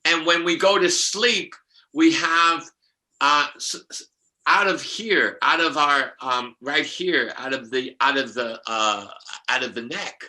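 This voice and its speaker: Slow, bright-voiced older man. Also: a little high, poor audio. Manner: anecdotal, laughing, many restarts. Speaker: numerologist guest. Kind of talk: rambling spiritual storytelling.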